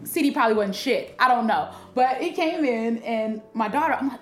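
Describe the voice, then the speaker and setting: A woman comedian from Illinois, telling a story in animated, profane casual chat. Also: on the high side, a little fast, echoey room. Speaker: comedian guest.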